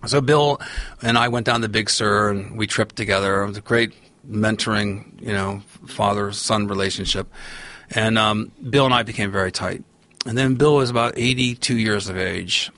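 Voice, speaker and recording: A middle-aged man, a podcast guest, telling a long story in a rambling, animated way and acting out the voices he quotes. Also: lowish voice, normal speed. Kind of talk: storytelling in a long-form interview.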